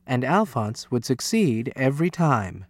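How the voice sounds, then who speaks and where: Animated male storybook reader. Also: medium pitch, measured pace, dry recording. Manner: expressive, animated reading. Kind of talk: storybook read-aloud.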